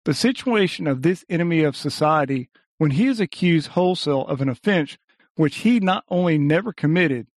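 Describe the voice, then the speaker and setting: Suave male thief orator, read by a man, polite, measured, dry sound. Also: on the high side, no room sound. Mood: indignant. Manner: elegant, courteous, measured speech. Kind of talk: audiobook reading.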